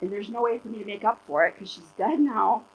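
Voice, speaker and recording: A woman's voice: medium pitch, quick pace, a little hiss or hum, poor audio. A woman pastor in her forties giving a candid, conversational sermon, full of "like" and "you know". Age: 40s.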